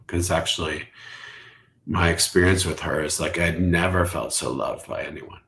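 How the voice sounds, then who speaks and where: A middle-aged man, a Zen teacher, speaking softly and contemplatively as a podcast guest, sometimes dropping to a whisper. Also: low voice. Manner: slow, soft-spoken and contemplative, drifting into whispers. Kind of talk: reflective podcast conversation.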